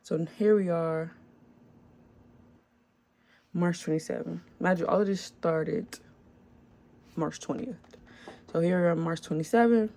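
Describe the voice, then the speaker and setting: Gravelly-voiced casual vlogger. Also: mid-range voice, measured pace, long pauses, mellow. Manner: chatty, slangy, retells exchanges with filler and swearing. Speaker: small business owner. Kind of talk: casual vlog storytelling.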